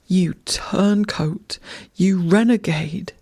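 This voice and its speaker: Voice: medium pitch, extremely slow. A reader voicing a wounded, bitter fox. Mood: contemptuous. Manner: pleading softly, then hissing with contempt. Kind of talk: bedtime story reading.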